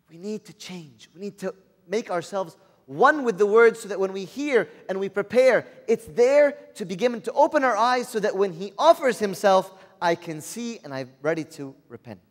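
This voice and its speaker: A man's voice: sits high, lively intonation, moderate pace. A man preaching a sermon, earnestly putting rhetorical questions to his listeners. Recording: long reverb of a large hall.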